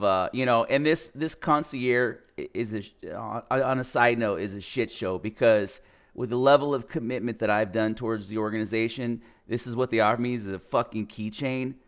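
A man venting in a rambling, exasperated way over his computer screen, full of fillers, restarts and swearing. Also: mid-range voice. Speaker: gaming video creator. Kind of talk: casual screen-share rant.

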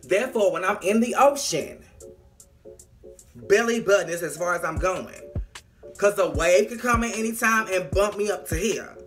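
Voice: mid-range voice, normal speed, soft background music. A young adult vlogger recapping a TV episode in a sassy, dramatic way, acting out the characters' lines and speaking frankly and profanely to the viewers. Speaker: TV episode reviewer. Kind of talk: casual, animated recap with impressions.

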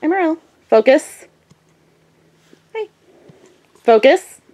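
A woman's voice: high voice, lively intonation, takes it slowly, mellow. A young woman vlogging casually, giving her dog short firm commands and sing-song praise.

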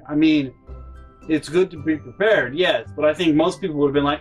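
A man's voice: fairly high pitch, brisk, breathy edge, soft background music. A man hosting a storytime vlog, rambling and swearing as he tells family anecdotes. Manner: rambling, profane, animated. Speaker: channel host.

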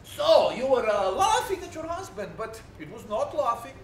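Flirty, grandiose Russian prince, high and animated, broken English, heard from far back in a roomy theater. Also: male voice, normal speed, slight background noise. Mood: teasing. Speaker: stage actor. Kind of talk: live stage play acting. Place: theater stage. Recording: roomy stage sound from a distant mic.

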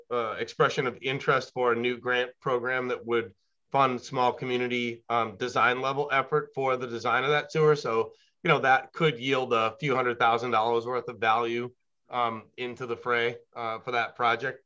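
A man with a bright, forceful voice speaks as a consultant in a business meeting. He talks in a hedging, thoughtful way, full of fillers. The audio is dull and somewhat lo-fi. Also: mid-range voice, little pitch movement, normal speed. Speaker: engineering consultant.

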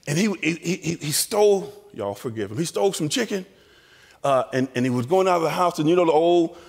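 A man telling lively family stories in a chapel sermon, acting out the voices. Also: on the high side, a little fast, vocal fry, in a large hall. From American South. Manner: animated storyteller acting out voices. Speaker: chapel speaker. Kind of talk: storytelling sermon. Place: college chapel.

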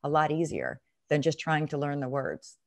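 A middle-aged woman with a low voice coaches a listener through a reading technique. She talks emphatically, often acting out examples as she teaches. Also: big pitch swings, normal speed. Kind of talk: instructional interview.

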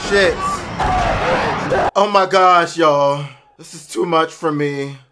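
A man reacting to a film for viewers, jumpy and loud, screaming, swearing and talking straight to his audience. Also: on the high side, takes it slowly, very noisy. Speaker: movie reactor.

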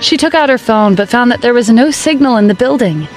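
A woman reading a dramatic story aloud as narrator, in a steady storytelling manner. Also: fairly high pitch, fairly quick, soft background music. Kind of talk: scripted narration.

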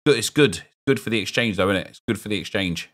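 A fast-talking South London man with a fairly low, fairly bright voice streams football video game pack openings. He rambles in a chatty way and keeps throwing jokey asides to chat.

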